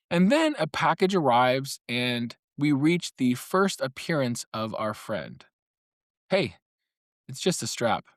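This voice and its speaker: A man hosts a solo comedy podcast in a wry, teasing, conspiratorial tone, with quick laughs between phrases. His voice sits at an ordinary male pitch. The recording is dry and close, with no room sound. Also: no room sound. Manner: wry, playful, conspiratorial asides. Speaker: podcast host. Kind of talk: comic solo podcast monologue.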